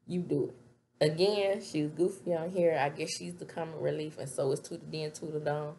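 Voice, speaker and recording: A woman recapping a TV show in casual, animated chat from a home webcam setup. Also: deep voice, fairly quick, creaky, slight background noise. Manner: chatty, animated, laughs while retelling scenes. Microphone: webcam setup with ring light.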